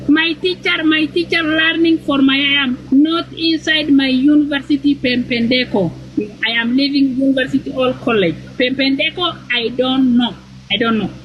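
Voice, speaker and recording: Streamer, male, from South Africa, high voice, halting broken English, repeats himself. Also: highs cut off, a little hiss or hum. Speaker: livestream host. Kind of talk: casual live-stream chat.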